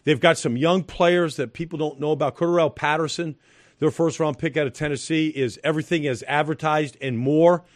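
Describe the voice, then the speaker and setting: A man's voice: on the high side, steady tone, brisk, no room sound. A middle-aged man giving football analysis as a studio guest, talking emphatically with repeated phrases and fillers. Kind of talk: studio sports analysis chat.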